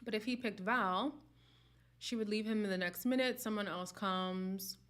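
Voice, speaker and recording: A young woman hosts a casual live stream and talks frankly to her viewers. Her delivery is chatty and unguarded, full of quick laughs. Her voice sits at an ordinary middle pitch for a woman. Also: fairly bright tone, smooth. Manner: chatty and candid, with frequent laughs and "like" fillers. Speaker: host of a live reality-show chat stream.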